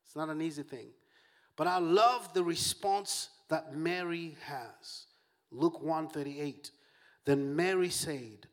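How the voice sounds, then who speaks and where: A man preaching a sermon as pastor, animated and joking, calling out to his congregation. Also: fairly high pitch, slow.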